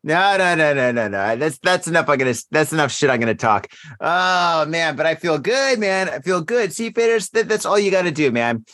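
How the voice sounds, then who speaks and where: A man's voice: a little high, moderate pace, hardly any pauses, no echo, clean studio sound. A man co-hosting a podcast in casual late-night chat, rambling with lots of fillers, tired and a little drunk. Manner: rambling, filler-heavy, tipsy and relaxed. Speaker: podcast co-host.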